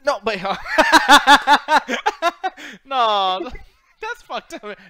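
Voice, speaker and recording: A man hosting a casual chat about video games, excitable and rambling, swearing freely as he argues his picks. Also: on the high side, fast, crowd noise.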